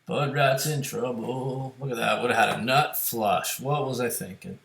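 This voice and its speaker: A man's voice: mid-range voice, moderate pace, vocal fry, fairly bright tone, reverberant, a little hiss or hum. A man casually talking to his viewers while playing online poker, thinking aloud about hands and chip stacks. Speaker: poker streamer. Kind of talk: casual live-stream commentary.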